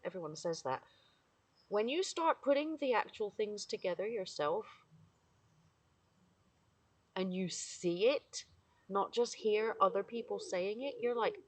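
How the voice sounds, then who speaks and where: A woman's voice: mid-range voice, expressive, measured pace, pauses often. Tearful, effusive woman vlogging outdoors. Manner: emotional, effusive, laughing often, bursts into singing. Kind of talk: casual spoken reflection. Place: outdoors among trees in the morning.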